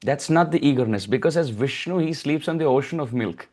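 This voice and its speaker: A man giving a devotional storytelling lecture, chanting verses and acting out characters' lines. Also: brisk. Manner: animated, acts out mothers' voices in high tones, chants verses. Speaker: preacher.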